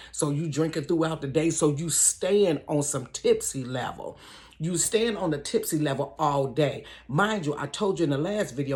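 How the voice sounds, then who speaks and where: A middle-aged woman in her bedroom telling a personal story to viewers in a casual, animated, slangy way, often speaking to them directly. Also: low voice. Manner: animated, slangy, keeps addressing listeners directly.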